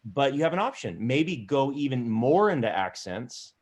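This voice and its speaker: A man's voice: medium pitch, sing-song, normal speed, a little mellow. Guy coaching a zoom improv class on his laptop, encouraging, rambles a lot. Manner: encouraging, rambling, repeats himself. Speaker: improv teacher. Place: home, on a video call.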